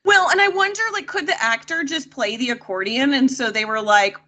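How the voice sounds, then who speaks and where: A woman's voice: high voice, fairly quick, sharp tone. A woman chatting casually as a podcast guest, recapping a TV episode with frequent laughter. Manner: laughs often, chatty and amused.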